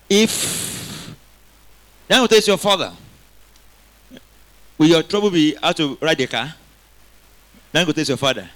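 High-voiced preacher. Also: male voice, lively intonation, moderate pace. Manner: repetitive, swings between loud exhortation and quiet asides. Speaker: pastor. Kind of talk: sermon with call-and-response.

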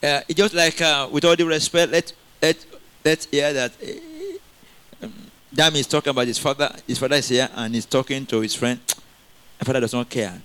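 A man preaching a sermon in an animated way, asking the congregation questions and laughing often. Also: fairly high pitch, moderate pace, smooth.

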